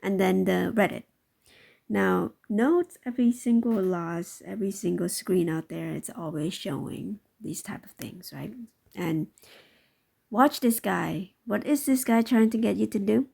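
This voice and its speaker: A woman giving sarcastic, skeptical reaction commentary over a news clip, halting and full of fillers. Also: medium pitch, gravelly, darkish tone, breathy edge. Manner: halting, with many fillers and asides. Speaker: stock market commentator.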